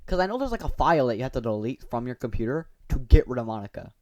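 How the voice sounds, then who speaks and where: A man's voice: medium pitch, big pitch swings, quick pace, hardly any pauses, darkish tone. A young man hosting a gaming video, reading the story text aloud with goofy, chatty asides. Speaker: gaming channel host. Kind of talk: reading a visual novel aloud.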